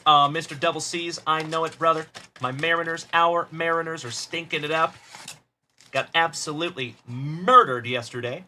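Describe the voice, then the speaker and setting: There's slight background noise as a man with a slightly high, sharp voice talks at normal speed with fairly even intonation. Hosting a trading card break livestream, he opens cards and greets viewers by name in an upbeat, friendly way.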